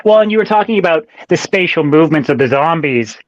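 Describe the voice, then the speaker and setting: A man chatting casually in a movie review panel, animated and swearing, acting out scenes. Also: fairly high pitch, fast, dry recording, lo-fi sound. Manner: animated, swearing, acts out scenes in quoted voices.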